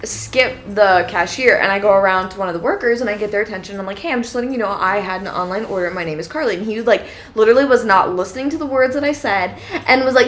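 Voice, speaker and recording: A woman's voice: medium pitch, fast, slight background noise. A young woman co-hosting a podcast, casually telling a long story and acting out each side of the exchange with lots of "like". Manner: animated storyteller, acts out quoted exchanges with many "like"s. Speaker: podcast co-host.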